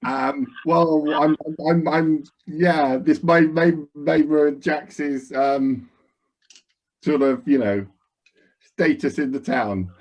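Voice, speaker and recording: A man speaking as a player in a tabletop game, a little higher-pitched than most men. He stumbles and hesitates, and the recording sounds dull and lo-fi. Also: fairly even intonation, takes it slowly, a little mellow. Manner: hesitant, stumbling over words.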